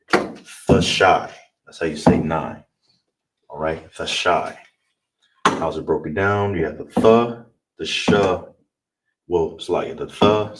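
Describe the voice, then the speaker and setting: A man teaching a language class online, spelling out each word and checking in with "all right?" as he goes. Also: low voice. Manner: repeats words, frequent "all right?". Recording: distant mic with noise.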